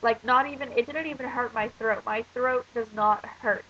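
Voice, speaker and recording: A teenage girl from the United States, sick while on an exchange, vlogs casually with a stuffy nose and a cough, rambling and ranting through lots of fillers. Her voice is on the high side and fairly bright at a normal speed, and the dull, lo-fi recording carries a little hiss or hum.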